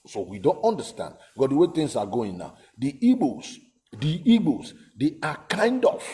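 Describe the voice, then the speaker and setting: A man's voice: medium pitch, a little mellow. A man giving emphatic, casual political commentary, repeating himself and asking rhetorical questions.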